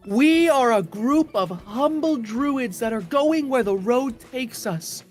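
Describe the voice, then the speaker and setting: A man voicing a humble wandering druid who greets travelers in a slow, formal way. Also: very high-pitched, faint music behind. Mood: serene.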